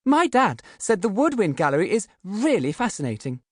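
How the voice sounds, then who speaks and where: A man voicing an excitable young girl who gushes breathlessly in a storybook reading. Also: sits high, normal speed, no echo, studio quality, pitched above the performer's own voice. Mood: eager. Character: excitable young girl, gushing over oddities.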